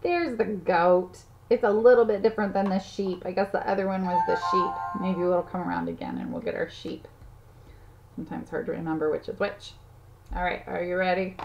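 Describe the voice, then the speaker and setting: A woman giving a playful lesson to toddlers, counting aloud and making animal sounds in a sing-song way. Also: on the low side. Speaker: children's teacher. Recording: slightly dull audio, faint noise.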